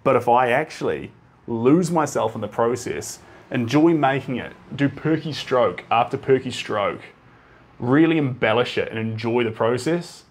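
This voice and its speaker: A man in his thirties with a New Zealand accent talks casually while he paints, rambling from thought to thought. His voice sits in a middle pitch with an even, monotone drawl. He reads out viewer comments as they come in. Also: normal speed. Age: 30s. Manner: chatty and rambling, reading out viewer comments with laughs; self-described monotone drawl. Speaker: painter hosting a live stream. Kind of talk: casual live-stream chat while painting.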